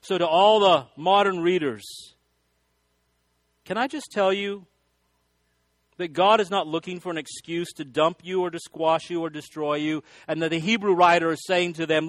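A man's voice: high voice, fairly even intonation, moderate pace, fairly bright tone, dry recording. A male pastor preaching a sermon, telling folksy stories and often restarting his sentences. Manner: folksy storytelling with repeated restarts.

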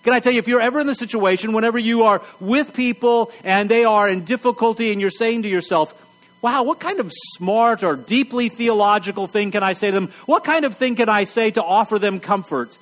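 A middle-aged man preaching a conversational sermon, wry and blunt, dropping to a hush for emphasis. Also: high voice, a little fast.

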